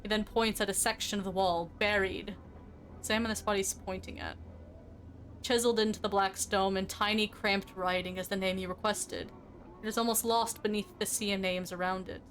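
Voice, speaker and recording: A woman's voice: mid-range voice, fairly even intonation, moderate pace, a bit bright, a little hiss or hum. A young woman streaming, reading game narration aloud in a casual, plain manner.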